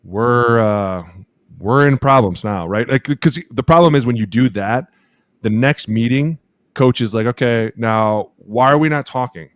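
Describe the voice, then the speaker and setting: A man co-hosting a casual podcast, a former lineman telling animated stories and acting out teammates' shouted calls, swearing freely. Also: unhurried, no room sound, clean studio sound. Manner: animated storyteller acting out teammates' calls in loud high voices.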